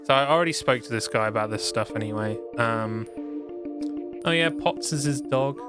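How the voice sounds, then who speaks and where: A man's voice: medium pitch, moderate pace. A man chatting loosely as he streams a game, rambling and self-deprecating. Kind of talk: gaming stream commentary. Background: game music.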